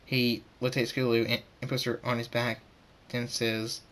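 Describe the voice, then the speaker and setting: A man reading a fan story aloud, halting and repeating words as he goes. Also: mid-range voice, monotone, fairly bright tone.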